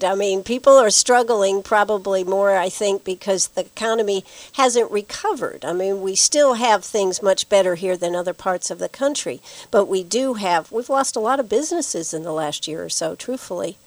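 A woman's voice: mid-range voice, moderate pace, hardly any pauses, no room sound. Folksy woman radio host. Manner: chatty, folksy. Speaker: radio talk show host. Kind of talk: radio talk show.

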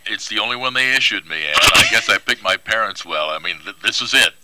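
A man's voice: fairly low pitch, animated, fast, very noisy. An older man, a guest radio host, chatting casually in a studio interview with a laid-back manner and dry humor.

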